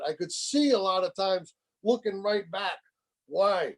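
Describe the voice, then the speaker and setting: A man's voice: high-pitched, unhurried. A man in his sixties telling his recovery story over a video call in a rambling, candid way, often swearing and repeating "you know what I mean.". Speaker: main speaker at a recovery meeting. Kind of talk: personal recovery share.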